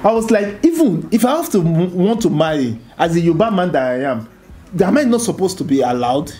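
A man with a Nigerian accent talking to viewers on a family vlog, halting and restarting often as his wife cuts in. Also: sits high, very animated, dark tone, faint music behind. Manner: halting, stammering, keeps restarting. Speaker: vlogger. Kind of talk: casual couple chat on camera.

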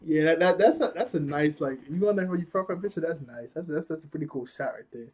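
A man's voice: on the high side, fast talker, a little mellow, husky, dull audio. A young man casually recapping an anime episode, rambling, laughing often and restarting his sentences. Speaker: anime reviewer.

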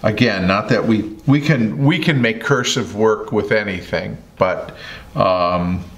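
Slow, low-voiced man reviewing calmly. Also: roomy sound. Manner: unhurried, thoughtful, many fillers. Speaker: host. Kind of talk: product review vlog.

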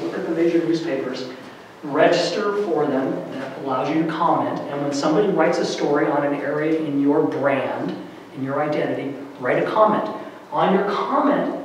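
A middle-aged man giving a lively workshop lecture to faculty, varying his loudness for emphasis, with many fillers. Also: fairly high pitch, slight background noise. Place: large lecture room. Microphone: distant room mic. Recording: very echoey hall from far off.

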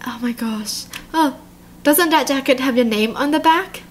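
A young woman reacting to a horror game with excitable commentary, nervous laughter and gasps. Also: high voice, unhurried, slight background noise. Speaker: channel host.

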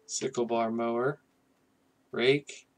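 Man, gaming commentary, slow unhurried pace, relaxed musing, desk mic. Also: mid-range voice, a little hiss or hum. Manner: relaxed, musing, thinks aloud with fillers. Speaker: gaming channel host. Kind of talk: casual gameplay commentary.

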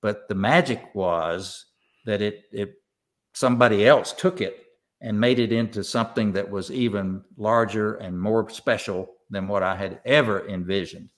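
Brief: older man, Southern East Tennessee accent, lowish voice, unhurried and reflective, interview guest. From Southern United States. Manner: slow, reflective storytelling. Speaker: guest songwriter. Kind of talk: casual interview.

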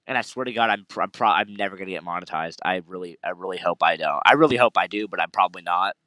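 A man's voice: sits low, fast, sharp tone, dry recording, studio quality. A man hosting a let's play, swearing and ranting crudely while he plays. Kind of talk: casual game commentary.

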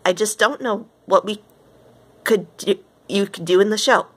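A woman doing a mild, earnest frog fellow from a storybook, pitched up a bit above her own voice, kind and a little worried. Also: normal speed, a bit bright, husky. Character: gentle earnest male frog, show host.

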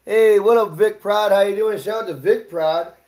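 A man's voice: high voice, normal speed, darkish tone, echoey room, poor audio. A man hosting a casual cooking livestream from his home kitchen, joking loosely, swearing freely and talking to his chat as he cooks. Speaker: livestream host.

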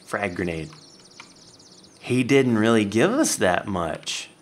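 Animated man giving game commentary. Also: slow pace. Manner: playful, animated, talks to the game and the viewers; jumps to high excited yelps. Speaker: gaming YouTuber. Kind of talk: let's play commentary.

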